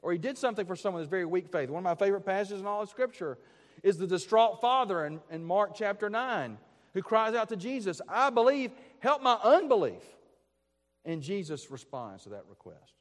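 A man delivers a sermon in an earnest, measured way, pausing to pose rhetorical questions and often restarting his phrases. His voice sits a little high for a man. A long reverb trails each phrase, as though he is preaching in a large hall. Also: expressive. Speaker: pastor.

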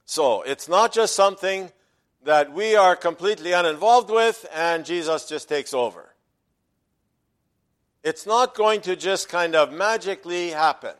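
A man preaching a sermon as pastor, emphatic, dropping to quiet asides and rising loudly on quoted verses. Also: sits high, lively intonation, measured pace.

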